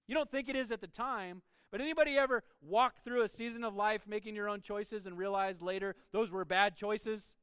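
A man preaching a sermon as pastor, emphatic, with his voice swinging between soft and loud. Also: high voice, a little fast, hardly any pauses, clean tone, no room sound.

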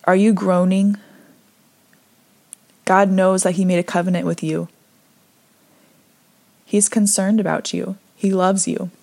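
A woman giving a conversational devotional talk, earnest and gently encouraging, reading scripture aloud between her own thoughts. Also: mid-range voice, little pitch movement, measured pace, vocal fry, long pauses. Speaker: devotional speaker.

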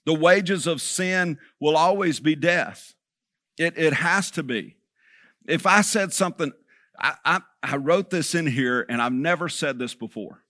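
A man's voice: a little high, unhurried, sharp tone, no room sound, studio quality. A man preaching a sermon as pastor, talking conversationally and checking in with the congregation.

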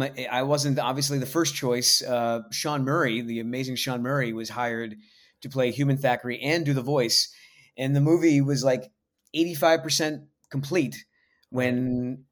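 A man in his forties from the United States, a voice actor telling stories in a casual interview, laid-back and halting, self-deprecating. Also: medium pitch. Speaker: voice actor guest.

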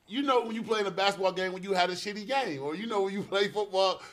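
A man talking slangy and animated in a casual group chat, telling stories. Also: high-pitched, fast talker. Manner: loud, animated, slangy storyteller.

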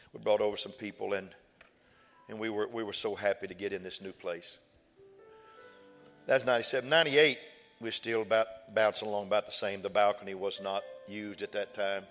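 A pastor tells a personal story as sermon testimony, using folksy, emphatic repetition. His voice is lowish with a fairly bright tone. The church sanctuary gives the recording hall reverb, and faint music plays underneath.

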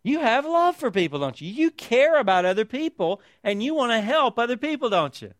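A man's voice: very high voice, sing-song, fairly quick, no room sound, clean studio sound. A man preaching a sermon as pastor, reading scripture aloud with emphasis and pressing points with rhetorical tag questions.

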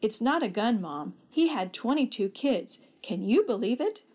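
A woman's voice: a little high, big pitch swings, a little slow, darkish tone. A woman doing an emphatic young boy. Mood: earnest. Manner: emphatic, eager.

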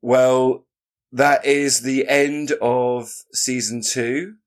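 A man's voice: medium pitch, fairly even intonation, drawn-out words. A British man co-hosting a podcast, asking dry, teasing questions in casual chat. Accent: British English. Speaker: podcast co-host.

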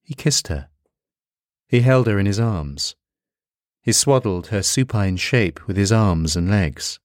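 A man reading a literary story aloud in slow, measured scripted narration. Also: lowish voice, expressive, no room sound, studio quality.

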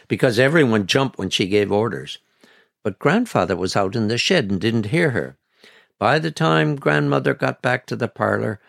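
Gravelly man telling a story. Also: lowish voice. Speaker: storyteller, podcast reader. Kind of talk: scripted story narration. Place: community radio studio. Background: faint background music.

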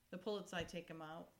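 A woman co-hosting a relaxed recap podcast, laughing easily as she talks. She often slips into reading quoted lines and script passages aloud in a light, casual voice. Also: lowish voice. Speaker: podcast co-host recapping a TV episode.

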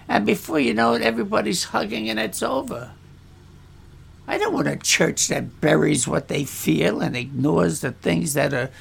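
A man's voice: high-pitched, gravelly, a bit bright, breathy edge. A male pastor talking frankly about his church, bluntly, acting out the voices of people he quotes. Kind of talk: casual talk about church life. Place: church in the Philippines.

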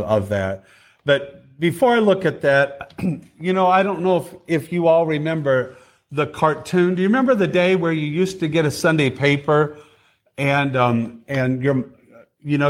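A middle-aged man preaching a sermon in a church, telling a story and asking the congregation direct questions. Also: mid-range voice. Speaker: district superintendent preaching. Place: church sanctuary.

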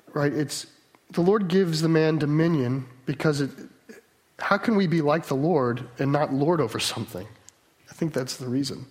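A man preaching a sermon on Genesis, earnest and emphatic, working through verses and asking rhetorical questions. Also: a little high.

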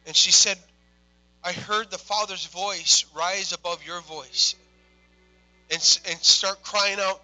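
High bright-voiced male preacher. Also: fairly even intonation, unhurried, faint music behind, rough recording. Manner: quiet storytelling rising to loud impassioned preaching. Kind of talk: sermon.

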